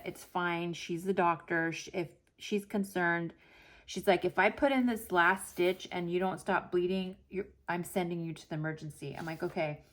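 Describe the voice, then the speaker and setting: A woman with a slightly low voice tells a winding personal story to camera. She talks casually and acts out what each person said. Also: a little hiss or hum. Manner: animated, retells with quoted dialogue. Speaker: planner vlogger. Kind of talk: chatty storytelling vlog.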